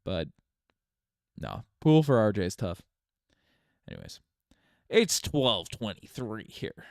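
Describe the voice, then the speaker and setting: A young man with a light Newfoundland accent hosts a casual live stream. He rambles, restarts his words and laughs easily. His voice sits fairly low but swings widely in pitch, recorded close and dry. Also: huge pitch swings, slow pace, gravelly, no echo. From Newfoundland, Canada. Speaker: channel host.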